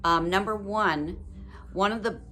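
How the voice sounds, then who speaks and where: An older woman talking to her viewers in a personal, heartfelt vlog, reflective, gentle and earnest, with emotion close to the surface. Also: mid-range voice, measured pace. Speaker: widow sharing advice with her viewers.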